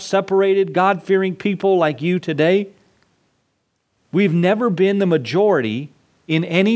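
A man preaching a sermon, swinging between loud emphatic lines and soft asides, acting out dialogue as he tells stories. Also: fairly high pitch. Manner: acts out dialogue in a storyteller's voice. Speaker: pastor.

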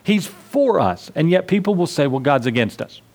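Preaching at a moderate pace, this pastor has a fairly high, darkish voice and is very animated. He talks to his congregation conversationally, staging small scenes and slipping in asides.

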